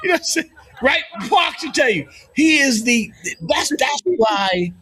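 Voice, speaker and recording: A man's voice: very high-pitched, big pitch swings, measured pace, sharp tone. A man hosting a morning talk show, telling loose, profane stories and laughing often. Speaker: show host. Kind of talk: casual morning show banter.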